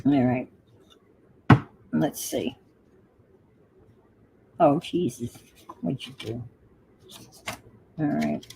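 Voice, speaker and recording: A woman's voice: extremely low pitch, drawn-out words, vocal fry, pauses often, mellow, a little hiss or hum, low-quality recording. An older woman hosting a crafting livestream, chatting casually and muttering to herself as she works. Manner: talks to herself while working, muttering asides.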